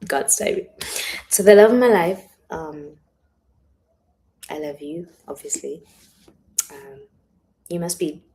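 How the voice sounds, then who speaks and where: A young woman chatting on a livestream, often slipping into hushed whispers, with a headache. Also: low voice, poor audio. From South Africa. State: has a headache. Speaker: author on a livestream. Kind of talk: casual livestream chat. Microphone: phone or webcam livestream.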